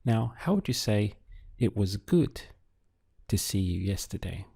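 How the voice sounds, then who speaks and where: A man teaching a language lesson, speaking patiently in short phrases with pauses between them. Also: on the low side, big pitch swings, creaky, mellow, breathy edge. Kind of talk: slow, clear language lesson.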